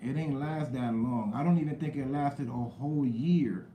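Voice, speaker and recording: A young man chats casually on a live stream, drifting from topic to topic and calling out viewers by name. His voice is mellow and relaxed. The room echoes around him, with a faint hiss underneath. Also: medium pitch, normal speed. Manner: loose, rambling talk with slang and cursing, greets chat viewers loudly.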